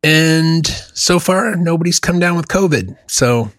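A man co-hosting a comedy podcast, chatting casually with profane jokes and quick asides. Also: fairly high pitch, animated, background noise. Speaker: podcast co-host.

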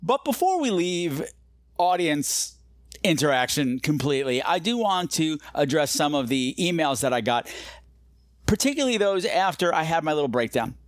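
A man's voice: a little high, very animated, normal speed, dry recording, studio quality. A man hosting a podcast, talking candidly and earnestly with a self-deprecating touch. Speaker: podcast host. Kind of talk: casual podcast talk.

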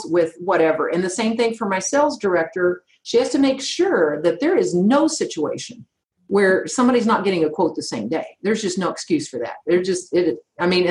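A middle-aged woman who owns an insurance agency, talking firmly and directly in an interview. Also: fairly low pitch. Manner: firm, emphatic, direct. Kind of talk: conversational interview answers. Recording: roomy echo.

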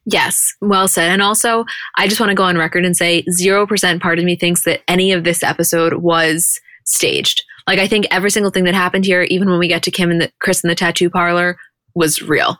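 A woman co-hosting a podcast, recapping a show in casual chat and quoting people in quick animated bursts. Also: on the low side, no room sound, studio quality. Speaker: podcast co-host.

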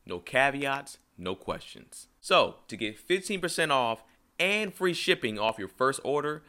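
A man's voice: mid-range voice, sharp tone. A man reading a sponsor ad on a podcast in an upbeat, salesy way. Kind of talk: read ad.

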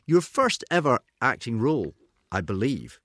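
A man's voice: mid-range voice, very animated, moderate pace, a bit bright, no room sound, clean studio sound. A Scottish man from near Paisley, hosting a podcast interview with a friendly, curious manner and easy laughter. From near Paisley, Scotland. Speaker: podcast host. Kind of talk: casual interview chat.

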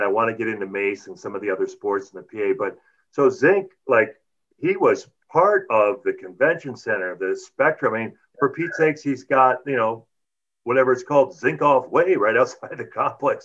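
A man's voice: fairly low pitch, fairly bright tone, lo-fi sound. A man who is a radio announcer, hosting a podcast interview with long conversational questions.

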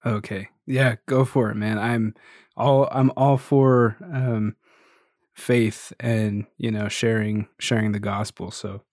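A man hosts a podcast in a casual, halting way, full of fillers. His pitch stays flat and even. The sound is dry and close. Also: no echo. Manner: relaxed, hesitant questions with many fillers. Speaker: podcast host. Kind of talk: casual interview chat.

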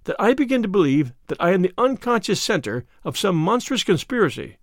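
Shaken young gentleman, urgent and animated, read by a man in a storybook. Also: sits high, brisk, no echo, clean studio sound, exaggerated voice. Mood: anxious. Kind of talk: audiobook character reading.

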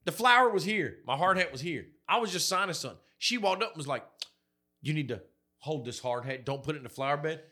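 Crude, bright-voiced man. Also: a little high, animated, fast talker. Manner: profane storyteller, acts out quotes loudly. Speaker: podcast co-host. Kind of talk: crude casual chat.

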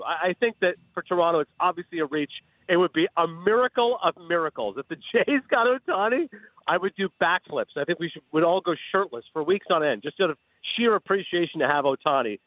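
A man phones in as a sports analyst, his voice high and his words tumbling out quickly. He talks animatedly and slips into acted-out bits of imagined dialogue. The call comes through a thin, tinny, dry phone line. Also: lively intonation, no room sound. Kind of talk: sports radio talk.

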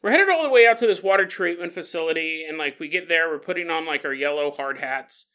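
A man hosting a podcast, telling a joking story with frequent laughs in a playful, animated way. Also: fairly high pitch, fast talker. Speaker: podcast host. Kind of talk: comedic storytelling monologue.

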